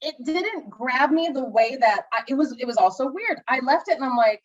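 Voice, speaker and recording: A fairly high-voiced woman chatting casually about movies, gushing and rambling as she keeps restarting her sentences. The audio is a bit dull and lo-fi. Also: expressive, normal speed, few pauses. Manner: gushing, rambling with many restarts and acted-out asides. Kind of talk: casual movie review chat.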